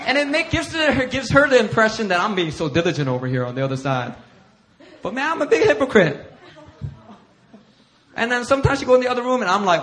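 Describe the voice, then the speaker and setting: A man with a high, bright voice preaches a sermon. His pitch jumps around a lot as he tells candid, self-mocking stories, and he slips into other people's voices to act out conversations. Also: quick pace, pauses often. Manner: animated self-deprecating storytelling, acting out others' lines. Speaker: pastor. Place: church sanctuary.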